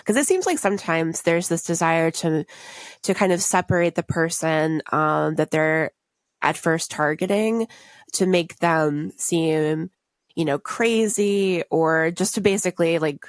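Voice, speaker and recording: Her voice sits low and her pace is measured, with no echo in the recording. She's a podcast co-host casually and thoughtfully talking through movie ideas, scattering many fillers such as "like" and "um".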